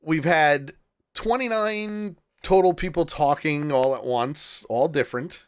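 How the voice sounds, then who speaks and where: A man's voice: on the high side, unhurried, smooth. A man hosting a live-streamed talk show, chatting casually, laughing often and trailing off while he looks things up. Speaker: podcast host.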